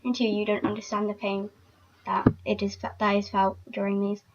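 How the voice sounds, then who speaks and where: A woman's voice: mid-range voice, level tone, normal speed, noisy background. A young woman vlogging casually, chatty and emotional, with lots of filler words. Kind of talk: casual fan vlog. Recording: dull lo-fi recording.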